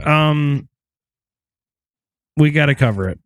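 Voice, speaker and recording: A man hosting a casual comedy podcast, playful and lively. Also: medium pitch, moderate pace, no room sound. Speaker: podcast host.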